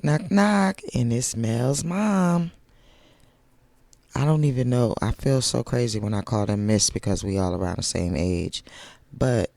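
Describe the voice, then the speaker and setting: A man's voice: fairly low pitch, gravelly, darkish tone, no room sound. A man giving casual, sassy and blunt commentary while recapping a reality TV episode, talking back at the cast.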